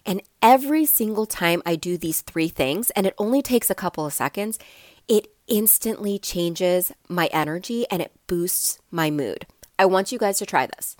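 A woman's voice: fairly low pitch, lively intonation, normal speed, no echo, clean studio sound. Stuffy-voiced woman hosting a podcast. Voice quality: stuffy, raspy. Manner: warm encouraging, addresses listeners directly. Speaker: podcast host. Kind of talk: motivational podcast talk.

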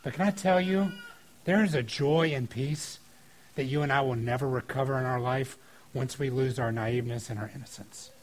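A middle-aged man preaching a sermon as pastor, telling family stories in an animated way and acting out children's voices. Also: mid-range voice, normal speed, a little hiss or hum. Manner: animated storytelling with acted-out kid voices.

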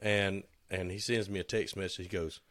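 Man telling a lively shop story. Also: sits low, normal speed. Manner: storytelling, acts out quotes with laughs. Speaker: podcast co-host. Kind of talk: casual shop talk.

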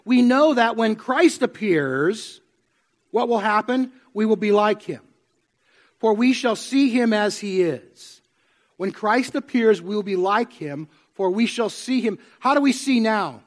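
Man, pastor, high-pitched voice, conversational sermon, asks the congregation questions, church sanctuary. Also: lively intonation, measured pace.

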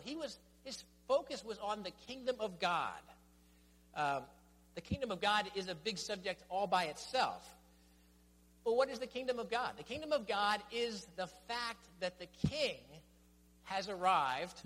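High-voiced man preaching in a reverberant hall. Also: fairly bright tone. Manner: emphatic, building lists with rising stress. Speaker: pastor. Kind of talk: sermon. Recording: long reverb of a church hall.

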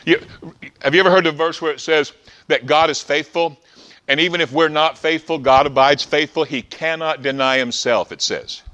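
Male preacher, sermon, excitable, stumbles and restarts, fairly high bright voice. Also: normal speed.

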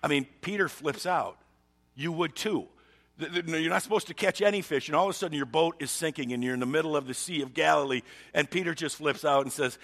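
A man's voice: fairly high pitch, brisk, fairly bright tone. A male pastor giving a sermon in a humorous storytelling way, chuckling often.

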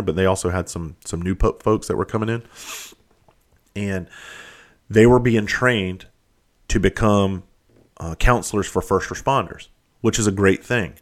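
Very deep-voiced blunt man. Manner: blunt, swears freely, rambling restarts. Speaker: podcast host. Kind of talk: casual storytelling.

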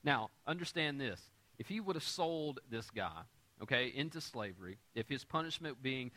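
This preacher's medium-pitched voice is expressive, pushed and bright, moving at a moderate pace. Leading his congregation as pastor, he unpacks scripture in plain language, adds touches of humor, and keeps checking in with the audience conversationally.

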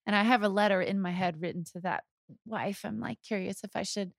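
A woman's voice: mid-range voice, steady tone, fairly quick, gravelly, no room sound, studio quality. A woman in her thirties co-hosting a podcast, telling family stories in a chatty way and laughing often. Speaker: podcast co-host. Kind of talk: casual chat.

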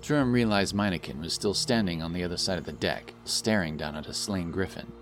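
A man narrating a fantasy novel in a steady storytelling manner, over background music. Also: deep voice, a little fast. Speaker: audiobook narrator.

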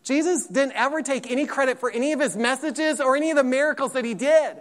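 A man's voice: very high voice, quick pace. Emphatic male pastor in a reverberant hall. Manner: lively preacher, emphatic repetition, acted-out quotes. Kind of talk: sermon.

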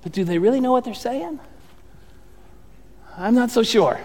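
A middle-aged man preaching a sermon as pastor, telling the story in a conversational, animated way with many restarts. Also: very high voice, moderate pace, long reverb tail.

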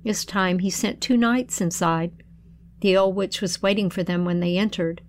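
In a mid-range voice, a woman tells an old folk tale with measured, expressive storytelling, then reflects on what it means.

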